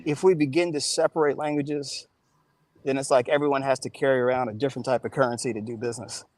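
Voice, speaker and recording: A man's voice: medium pitch, steady tone, fast talker, a little mellow, no room sound, poor audio. A man from the Washington DC and Maryland area with an American accent, talking earnestly on an online panel. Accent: American, Mid-Atlantic (DC/Maryland). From United States. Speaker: panel guest. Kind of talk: casual panel discussion. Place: online voice call.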